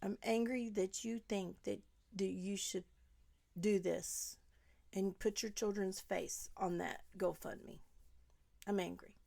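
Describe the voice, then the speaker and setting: A woman's voice: mid-range voice, fairly even intonation, slow pace, vocal fry, mellow. A woman giving an angry, rambling commentary monologue, talking straight at the person she criticizes and sometimes dropping to a whisper. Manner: heated, rambling, addresses the subject directly, drops to whispers. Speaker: commentary vlogger.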